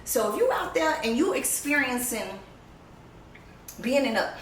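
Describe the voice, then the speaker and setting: A woman's voice: high voice, big pitch swings, a little slow. A woman vlogger sharing her own story in a blunt, profane way, laughing often and sounding emotional, close to tears. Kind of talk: candid personal storytelling. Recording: roomy echo, distant mic, faint background noise.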